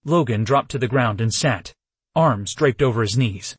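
A man narrating a first-person novel as an audiobook, telling the story in an expressive way. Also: mid-range voice, normal speed, husky, no echo.

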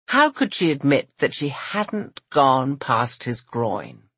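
A woman reads an audiobook in a measured, expressive way. Her delivery is slow and breathy, with lively pitch movement. The recording is close and dry. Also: dry recording. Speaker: audiobook narrator. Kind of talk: scripted romance narration.

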